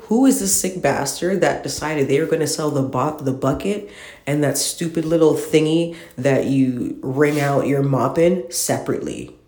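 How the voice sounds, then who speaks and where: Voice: medium pitch, darkish tone. A podcast host ranting alone in an exasperated, profane, rambling way, recorded in a newly moved-into, barely furnished apartment. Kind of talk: solo ranting monologue. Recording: echoey bare room.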